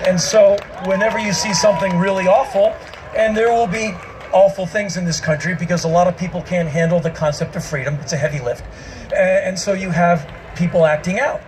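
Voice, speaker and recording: A man giving an emphatic spoken-word monologue to a live audience on an outdoor festival stage, his delivery breaking into shouts. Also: sits high, fairly even intonation, brisk, a little hiss or hum, rough recording.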